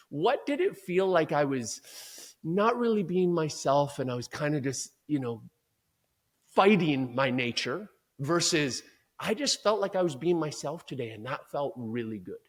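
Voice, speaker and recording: A man speaking as a performance coach in an interview, talking in an emphatic, energetic, motivational way. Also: on the high side, unhurried.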